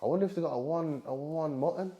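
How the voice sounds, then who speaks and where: A young man from England tells a wild story in a loose, slang-heavy way, tossing in bro and fam every few words. His voice sits a little high and stays lively and animated throughout. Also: fast, dull audio. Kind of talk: casual storytime.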